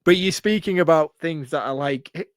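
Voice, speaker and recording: A British man in his thirties, co-hosting a podcast in a casual film chat, animated and swearing freely with frequent laughs. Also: on the high side, normal speed, no room sound. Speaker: podcast co-host.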